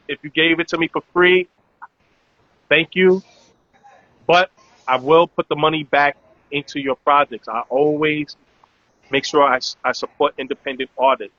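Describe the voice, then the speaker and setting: A man's voice: fairly high pitch, a bit bright, no echo. A man hosting a casual live-stream chat, loose and promotional, with many filler words. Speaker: host. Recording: dull lo-fi audio.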